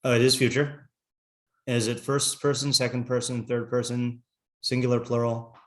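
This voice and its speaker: A middle-aged man, a rabbi, teaching a casual class, chatty and quick to laugh, often breaking off mid-sentence. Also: mid-range voice, flat delivery.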